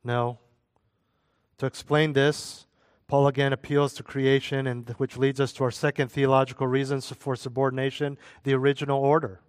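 A man's voice: mid-range voice, flat delivery, moderate pace, smooth, no room sound. A man preaching a sermon as a pastor, conversational, with asides and jokes.

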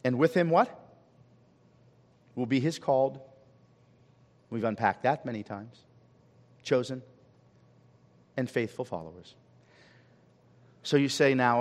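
A man's voice: mid-range voice, expressive, slow, long pauses, darkish tone, in a large hall. A man preaching a sermon as pastor, asking the congregation questions and repeating phrases for emphasis. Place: church sanctuary.

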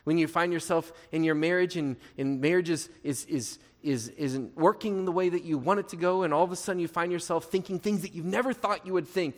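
A man's voice: on the high side, lively intonation, brisk, in a large hall. A pastor preaching a sermon, repeating his key phrases and asking the congregation questions.

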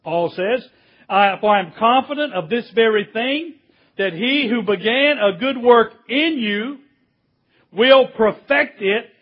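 A man preaching a sermon, slow and emphatic, drawing out key words. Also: very high voice, animated, muffled recording.

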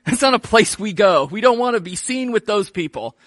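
A man's voice: high-pitched, expressive, brisk, fairly bright tone, no echo, clean studio sound. A man voicing skeptical male disciples who talk in a casual, slangy, dismissive way. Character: skeptical male disciples talking like modern buddies.

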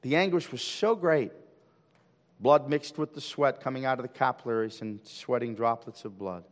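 A male pastor preaching a sermon at a church service. He asks his listeners question after question and swings from loud, emphatic calls down to hushed, intense lines. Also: mid-range voice, normal speed, long reverb tail. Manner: asks the congregation rhetorical questions.

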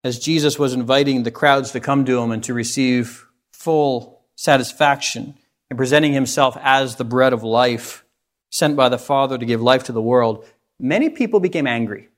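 A man's voice: medium pitch, moderate pace. A man preaching a sermon, earnest and putting rhetorical questions to his listeners.

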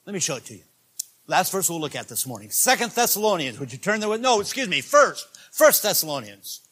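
A man preaching a sermon as pastor, animated, joking with the congregation and shouting with excitement. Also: sits high, fast talker, husky.

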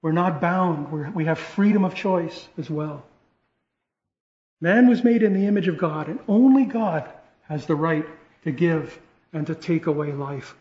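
A man's voice: on the high side, a little slow, dark tone. A man preaching a sermon, earnest, often restarting phrases and rising to stress key points. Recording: echoey room, dull lo-fi sound.

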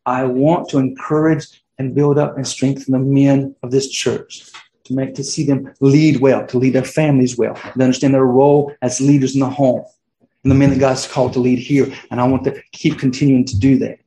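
Roomy echo fills the sanctuary as a middle-aged pastor gives a relaxed, chatty sermon, dotted with fillers and false starts. He speaks at normal speed in a dark, medium-pitched voice with little pitch movement.

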